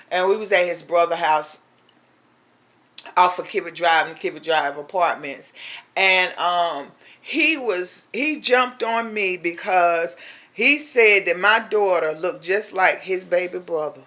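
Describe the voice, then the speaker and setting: A woman's voice: fairly low pitch, a bit bright. A woman from a ministry giving personal testimony in an emphatic, colloquial way, addressing listeners as "honey" and acting out the voices of the people in her story.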